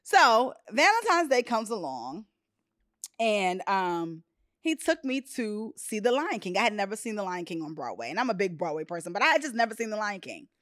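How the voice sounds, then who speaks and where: A woman hosting a podcast, chatting casually and telling personal stories with expressive, quoted voices. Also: medium pitch, normal speed, no room sound, studio quality. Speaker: podcast host. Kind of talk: casual chat.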